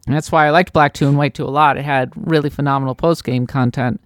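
A woman's voice: extremely low pitch, steady tone, fast talker, no room sound, studio quality. Chatty Midwestern woman podcast co-host. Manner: chatty, enthusiastic, self-deprecating. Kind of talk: casual podcast chat.

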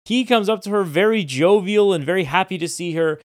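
A man's voice: sits high, brisk, dry recording, clean studio sound. A man co-hosting a podcast, narrating TV scenes in casual chat with filler words and quoted lines. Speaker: podcast co-host.

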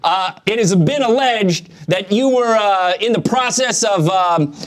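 A man questioning a witness in a mock courtroom game, mock-formal and halting, laughing as he goes. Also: sits high.

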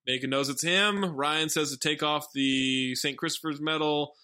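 A man's voice: on the high side, fairly even intonation, normal speed, sharp tone, smooth. A man hosting a podcast, recapping a movie plot with sardonic, wry asides. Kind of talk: casual movie recap with jokes.

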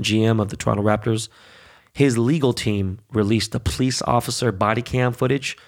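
A man's voice: lowish voice, gravelly. A man ranting about sports in a casual, heated, profane way, full of streetwise slang. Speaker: sports commentator.

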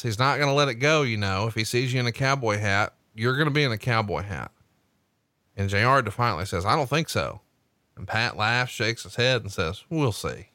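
A man with a Southern accent co-hosting a podcast, narrating an anecdote and reading quotes in a smooth, conversational way. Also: mid-range voice, bright, forceful tone, dry recording, studio quality. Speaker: podcast co-host. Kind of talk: podcast ad read and story narration.

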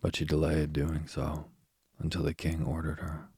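A man narrating a bedtime story softly and soothingly, close to the mic. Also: very deep voice, monotone, breathy edge, dry recording. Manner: slow, soft-spoken, soothing.

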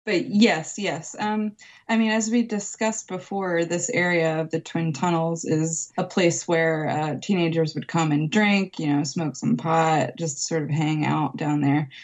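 A woman telling a story as a podcast guest from her home, lively, laughing often and acting out voices. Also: sits low, a little slow, dull audio. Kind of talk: casual storytelling interview.

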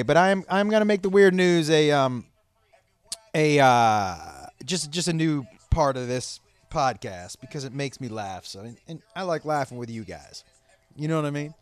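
A comedian hosts his own solo podcast in a fairly high voice, recorded dry. He rambles casually and profanely, dropping laughing asides along the way.

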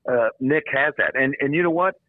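A mid-range, slightly fast male voice belongs to an older former football coach guesting on a radio phone-in, rambling through stories and repeating himself. The call sounds tinny and dry, with no room sound.

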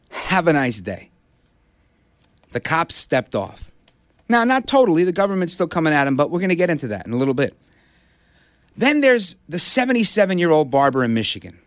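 A man's voice: on the high side, dry recording. A man hosting a talk radio show, delivering an emphatic, preachy rallying monologue. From Brooklyn, USA.

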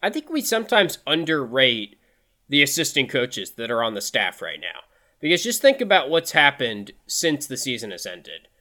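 Male sports podcast host, bright and punchy tone, casual and chatty. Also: mid-range voice, wildly swooping pitch, moderate pace. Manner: conversational, upbeat, thinks aloud with restarts.

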